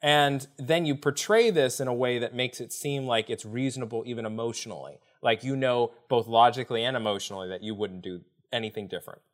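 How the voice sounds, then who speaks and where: A man's voice: medium pitch, a little fast, hardly any pauses. A man who is a podcast guest and author, explaining a Bible story in conversation and acting out the speakers he quotes. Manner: animated, acts out quoted speakers while explaining.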